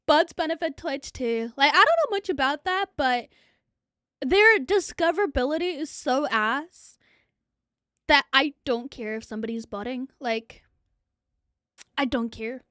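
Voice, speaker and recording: A woman's voice: high-pitched, animated, a little slow, long pauses, fairly bright tone, no echo, clean studio sound. A young woman streamer chatting casually with her viewers, blunt and profane, laughing often. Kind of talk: casual livestream chat.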